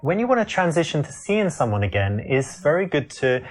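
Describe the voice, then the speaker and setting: A man's voice: on the high side, big pitch swings, a little fast. A man from England with a British accent, chatting easily and giving dating advice in a video game, often saying "you know". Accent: British English. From England, born in London. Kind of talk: chatty flirting and advice to camera.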